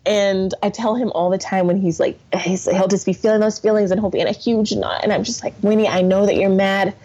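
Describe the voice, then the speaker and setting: A young adult woman, a podcast guest, telling stories in an animated way and often laughing through casual conversation. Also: mid-range voice, brisk. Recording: dull lo-fi sound.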